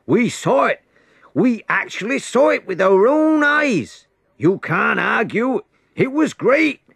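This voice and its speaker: A man voicing a crowd of amazed witnesses, shouting with breathless excitement. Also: very high voice, takes it slowly, creaky, breathy edge, no room sound, pitched above the performer's own voice, heavily acted. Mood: ecstatic.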